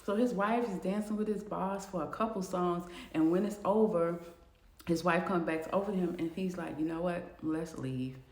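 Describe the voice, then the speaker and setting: A woman narrating a storytime video in a casual, animated way. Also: fairly low pitch, normal speed. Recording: roomy echo.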